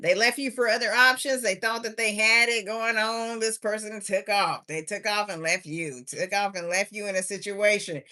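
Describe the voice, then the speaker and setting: Tired woman tarot reader on a live stream, sing-song and chatty, bright-toned voice. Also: medium pitch, normal speed, hardly any pauses. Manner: chatty, drawling, sing-song refrains, laughs to herself. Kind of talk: casual livestream tarot reading.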